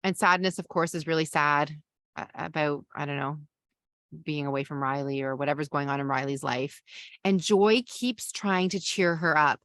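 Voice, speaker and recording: Brief: woman parenting coach, lowish voice, dry close sound, chatty live Q&A. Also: moderate pace, fairly bright tone, no echo. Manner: conversational, reads viewer questions and answers off the cuff. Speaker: parenting coach and podcast host. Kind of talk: live masterclass Q&A.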